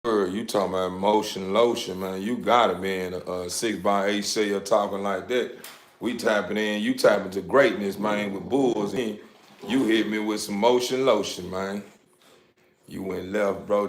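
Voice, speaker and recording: A man's voice: on the low side, steady tone, normal speed, roomy sound. Rambling man on a phone livestream. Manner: rambling, repetitive, laughing, addressing viewers. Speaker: dog breeder livestreaming. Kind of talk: casual livestream chat.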